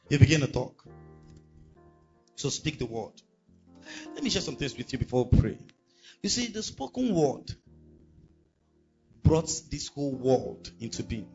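A man preaching a sermon as pastor, emphatic and quick to throw rhetorical questions at his congregation. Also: on the high side. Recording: dull lo-fi recording with faint music.

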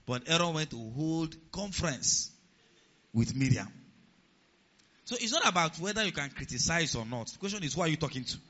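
Lively preacher, bright tense voice. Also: male voice, a little fast. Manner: rhetorical questions to the congregation; acts out quoted speech in a lower voice. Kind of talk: sermon. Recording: dull lo-fi recording.

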